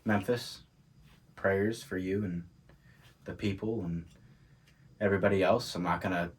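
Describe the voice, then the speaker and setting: A man's voice: low voice, fairly even intonation, a little slow, slightly rough. A man co-hosting a podcast, talking in a laid-back, casual way and laughing often. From England. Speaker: podcast co-host. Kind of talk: casual chat.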